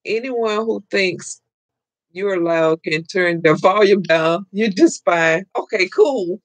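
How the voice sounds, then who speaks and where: A woman hosting a live crafting stream from home, loud and excitable, chatting with viewers and laughing often. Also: fairly low pitch, slow, no echo. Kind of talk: casual live-stream chat, reading viewer comments.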